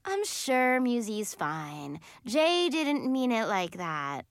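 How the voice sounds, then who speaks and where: A woman voicing a gentle young adult woman who speaks softly and slowly to comfort someone. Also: a little high, wildly swooping pitch, no echo, clean studio sound, heavily acted. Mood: soothing.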